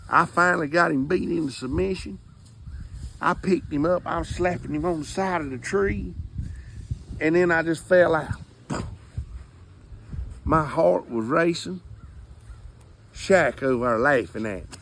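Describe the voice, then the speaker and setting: A man's voice: fairly high pitch, unhurried, gravelly, long pauses, fairly bright tone, slight background noise. A man telling a comic hunting story in a drawling, folksy way. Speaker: storyteller comedian.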